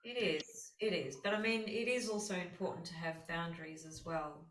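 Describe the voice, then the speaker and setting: Heartfelt woman, low voice, echoey room. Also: steady tone, normal speed, a bit bright, far from the mic. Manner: earnest, heartfelt storytelling with many fillers. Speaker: astrologer host. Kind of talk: casual conversation.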